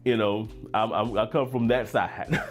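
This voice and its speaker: A man's voice: fairly low pitch, measured pace, faint music behind. Laid-back Louisiana man chatting on a livestream. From Baton Rouge, Louisiana. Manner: laid-back, chatty, reads chat comments aloud with frequent laughs. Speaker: fragrance livestream host. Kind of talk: casual livestream chat.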